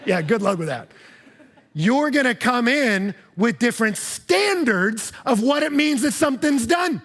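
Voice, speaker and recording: A man preaching a sermon as pastor, lively and humorous, acting out couples' voices. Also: very high-pitched, unhurried.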